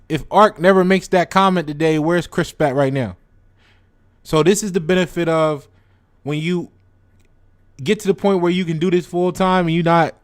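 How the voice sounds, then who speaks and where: Guy chatting stocks to his viewers, kinda high voice, dry close sound, keeps repeating himself. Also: dry recording. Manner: conversational, repeats words, addresses viewers directly. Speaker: stock trading channel host. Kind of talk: casual explanatory chat to viewers.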